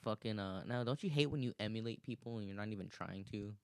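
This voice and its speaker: A young man in his twenties with a lowish voice talks alone into the mic in a loose, rambling way, swearing freely and laughing at himself. The recording is close and dry, with almost no room sound. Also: fast talker, a little mellow, clean tone, no room sound. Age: 20s. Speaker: podcast host. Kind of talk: casual solo monologue.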